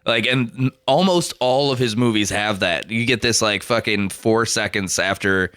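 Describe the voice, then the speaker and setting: A man's voice: fairly low pitch, moderate pace, a bit bright, smooth, no room sound, clean studio sound. A man co-hosting a podcast in casual chat, laid-back and profane, chiming in with quips. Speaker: podcast co-host.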